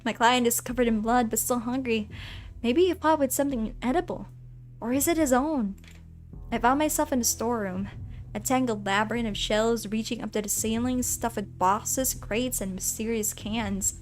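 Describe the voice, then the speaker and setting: A woman streamer reads a game's story aloud in a bright, slightly high voice. She is playful and animated, mixing dramatic narration with quick asides to her chat. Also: soft background music. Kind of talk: casual let's-play, reading game text aloud.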